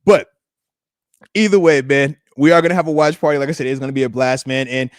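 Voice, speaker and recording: A man's voice: medium pitch, quick pace, no echo, clean studio sound. A man in his thirties hosting a live show, chatting casually in slang, teasing commenters and calling them man. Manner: animated, slangy, teasing, says man a lot. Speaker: live show host, retired football player. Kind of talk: casual live-stream chat reading comments.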